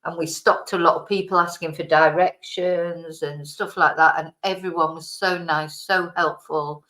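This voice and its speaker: Low-voiced chatty woman from Manchester. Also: fairly even intonation, moderate pace, bright, forceful tone. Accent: Mancunian, softened. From Manchester, England. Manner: rambling, chatty, self-correcting, laughs often. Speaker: vlogger. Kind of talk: casual chat. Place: home, lives in Spain.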